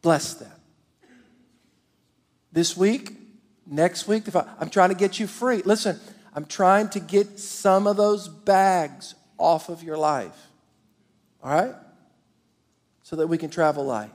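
A man preaching a sermon as the pastor, talking straight to his congregation in an animated, lively way. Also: high-pitched, slow, long pauses. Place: large church auditorium. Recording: long hall reverb.

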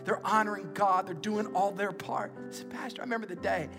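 A middle-aged male pastor giving an energetic, emphatic sermon and calling on the congregation to repeat after him. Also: high voice, a little fast. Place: church auditorium. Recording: long reverb in a large hall, with music.

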